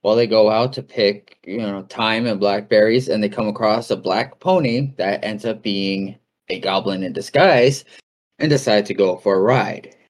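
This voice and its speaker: A man's voice: on the low side, moderate pace. A man hosting a casual talk on folklore, speaking conversationally with fillers and asides. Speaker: podcast host.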